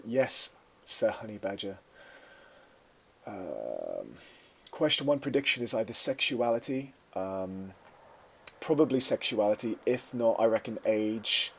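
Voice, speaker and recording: Male teacher, lowish voice, relaxed live-stream Q&A, lots of ums. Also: breathy edge. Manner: conversational, answers viewer questions with many fillers. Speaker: media studies teacher.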